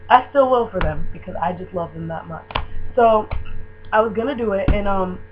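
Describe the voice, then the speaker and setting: A young woman from Michigan gushing about a band she loves in a casual video, with lots of "um" and "like" and excited rambling. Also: medium pitch, normal speed. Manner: gushing, excitable, filler-heavy fan talk. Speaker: vlogger. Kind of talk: casual fan tag video. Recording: dull lo-fi webcam audio with faint hum.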